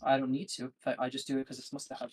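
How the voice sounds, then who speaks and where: A man's voice: mid-range voice, monotone, racing, darkish tone, slightly rough. A man calling into a live-streamed debate, answering in short, matter-of-fact replies. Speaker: debate caller.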